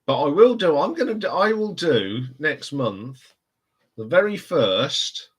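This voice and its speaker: A man's voice: fairly high pitch, very animated, measured pace, slightly rough. Chatty Northampton man rambling on stream. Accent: Northampton English. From England. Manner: chatty, rambling, laughs often. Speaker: live stream host. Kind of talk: casual live chat.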